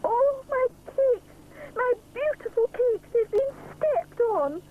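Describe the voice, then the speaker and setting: A woman voicing a fussy, excitable male baker in an old children's show, wailing and flustered. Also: very high voice, takes it slowly, phone-quality sound, pitched above the performer's own voice, heavily acted. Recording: hissy 1970s TV soundtrack.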